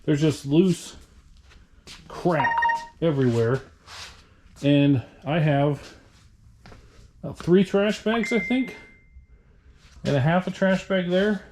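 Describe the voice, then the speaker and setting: A man's voice: fairly high pitch, slow, pauses often, background noise. A man from Nebraska who resells for a living, venting to the camera in a tired, frustrated, rambling rant inside a storage unit. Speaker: reseller vlogger.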